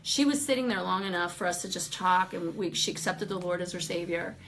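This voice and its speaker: Animated woman telling a testimony. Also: fairly low pitch, brisk, slight background noise. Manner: animated, laughing often, acting out quotes. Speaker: ministry speaker telling a story. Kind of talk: casual storytelling testimony.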